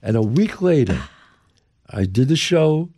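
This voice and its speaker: Here the older Bronx storyteller's mid-range voice turns husky and a little slow. As an interview guest with a New York accent, he tells his story with lively emphasis, acting out the people he quotes. There's no room sound, and the quality is studio-grade.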